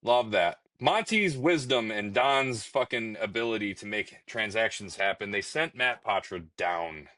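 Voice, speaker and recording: A young man rants on a casual podcast, swearing often and sounding fed up with his team. His voice sits at an ordinary pitch, and it is recorded close and dry with no room sound. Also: animated, a little slow, hardly any pauses, pushed and bright, no echo, low-quality recording. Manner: profane, ranting, exasperated. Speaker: podcast co-host. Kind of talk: casual chat.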